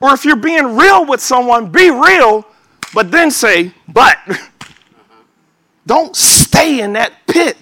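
A man preaching a sermon, emphatic, calling for amens and sometimes shouting. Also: very high-pitched, lively intonation, takes it slowly, long pauses, dry recording. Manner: emphatic, calls for amen, bursts of shouting.

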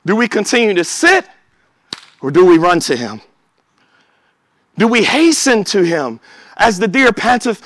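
High bright preacher guy, loud then hushed, dry close sound. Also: dry recording. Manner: animated, swings between loud exhortation and hushed asides. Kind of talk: sermon.

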